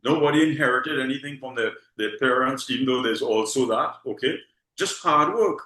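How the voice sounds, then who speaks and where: A man's voice: mid-range voice, moderate pace, sharp tone, reverberant, low-quality recording. A man from Trinidad with a Trinidadian accent, chatting casually as a guest, often repeating words and tagging lines with "okay?". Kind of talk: casual conversation.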